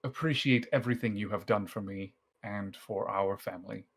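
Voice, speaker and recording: A man narrating a tabletop game as dungeon master in a relaxed, conversational way. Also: on the low side, moderate pace, breathy edge.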